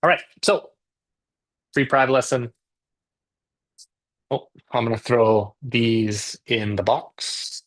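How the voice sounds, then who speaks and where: A man's voice: mid-range voice, slow, pauses often, fairly bright tone. A Canadian man teaching English, chatting casually and joking with his viewers during a live class. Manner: chatty, joking, self-deprecating.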